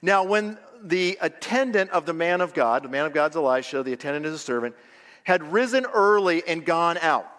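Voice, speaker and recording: High-voiced preaching man in a reverberant hall. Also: moderate pace. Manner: animated storytelling preacher, acting out scenes. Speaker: pastor. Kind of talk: sermon. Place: church auditorium.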